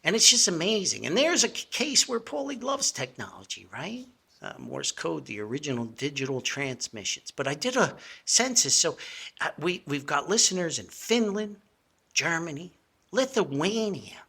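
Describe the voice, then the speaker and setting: A man's voice: a little high, creaky, sharp tone, husky. An older man from Paterson with a New Jersey accent, hosting a podcast in a rambling, chatty monologue full of asides and chuckles. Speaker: podcast host. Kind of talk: casual nostalgic monologue.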